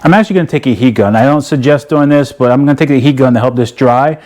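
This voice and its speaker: A man's voice: medium pitch, quick pace, darkish tone. A middle-aged man hosting a casual how-to video, walking through a project in a folksy, rambling way with lots of fillers. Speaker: DIY video host.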